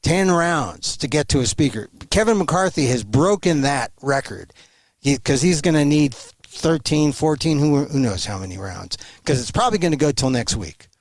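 Speaking over a remote link as a guest commentator, an emphatic man pushes his points at normal speed, frequently restarting phrases. His pitch jumps around animatedly, and the sound is close and dry with no echo.

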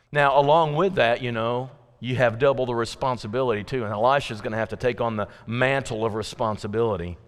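A man preaching an evening sermon in a chatty, conversational way, asking his listeners questions and acting out quoted voices. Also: smooth. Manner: acts out quoted voices with sudden pitch jumps. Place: church sanctuary. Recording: long hall reverb.

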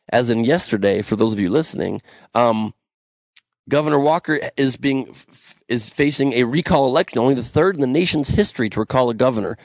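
Gravelly, ranting male podcast host. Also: fairly high pitch, dry recording. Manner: ranting, sarcastic, swearing. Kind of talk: comedic news commentary. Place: small room alone.

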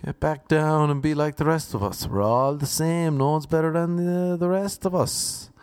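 A Cork man puts on a petty, jealous Irish begrudger who sneers at anyone getting ahead. The voice jumps high and turns shrill and scornful, with a Cork accent. It sounds dry and close, with no room around it. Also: sing-song, unhurried, no echo, exaggerated voice.

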